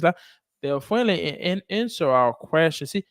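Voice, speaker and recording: Male English teacher, slightly high voice, dry close sound, patient live-lesson coaching. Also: animated, no room sound. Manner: coaching, repeats phrases slowly, mixes Haitian Creole and English.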